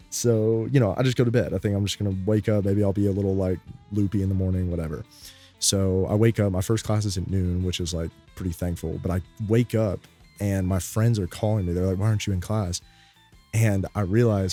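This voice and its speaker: A man's voice: low-pitched, mellow. A young man telling a story in a rambling, laid-back way, full of fillers. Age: young adult. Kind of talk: casual storytime.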